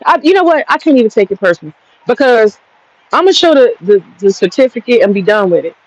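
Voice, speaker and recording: A woman's voice: a little high, animated, fast talker. A woman in her thirties, ranting casually and profanely, answering a critic head-on in a combative way. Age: 30s. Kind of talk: heated casual rant. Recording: dull lo-fi sound.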